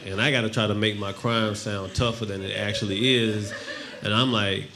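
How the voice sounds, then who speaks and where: A man doing a stand-up set on a comedy club stage, telling a long story in a deadpan way and acting out the other people in it. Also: fairly low pitch, normal speed. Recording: noisy live club recording.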